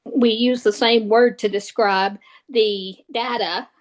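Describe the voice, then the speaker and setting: Instructor, female, slightly high voice; halting lecture delivery full of "um"s and self-corrections. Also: steady tone, rough recording. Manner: hesitant, many fillers and restarts. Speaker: statistics instructor. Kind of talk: recorded lecture.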